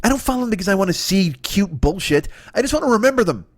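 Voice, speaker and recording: A man's voice: sits high, big pitch swings, fast talker, dry recording, studio quality. A man doing a solo comedy podcast rant, profane and exasperated. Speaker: comedian host.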